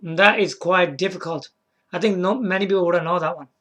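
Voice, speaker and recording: A man's voice: high-pitched, fairly even intonation, fairly quick, fairly bright tone. A man casually talking through a solo video, rambling, repeating words and checking in with the viewer. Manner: chuckles to himself and apologizes. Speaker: video game vlogger.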